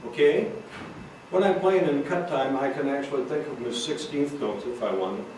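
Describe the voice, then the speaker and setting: A man teaching a drum lesson, calmly explaining rudiments and counting out stickings. He sits well away from the microphone, so his voice rings through a very echoey room. Steady background noise runs under his speech. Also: mid-range voice, normal speed. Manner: calls out stickings while playing. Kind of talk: recorded drum lesson, talking between demonstrations. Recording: roomy echo, far from mic, noisy.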